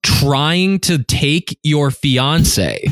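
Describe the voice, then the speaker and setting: A man discusses a novel on his podcast in relaxed, casual talk with a bit of swearing. His voice sits a little high and he speaks slowly, recorded close and dry. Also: dry recording. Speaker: podcast co-host. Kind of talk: casual book discussion chat.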